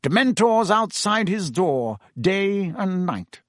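A man's voice: high-pitched, very animated, slow, dry recording, studio quality, pitched above the performer's own voice, full character voice. A man voicing a pompous, bustling middle-aged male minister who talks in a fussy, self-important way. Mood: earnest.

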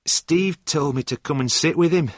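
A man's voice: fairly high pitch, normal speed, dry recording, clean studio sound, voice pushed up, natural voice. A man voicing an earnest young woman in a read-aloud story, speaking in a raised, careful voice.

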